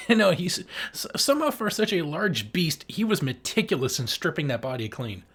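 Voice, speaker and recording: A lively podcast co-host whose voice swings widely in pitch, chatting casually about a movie. The talk is full of laughter and swearing, with scenes acted out in little put-on voices. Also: normal speed, slightly rough.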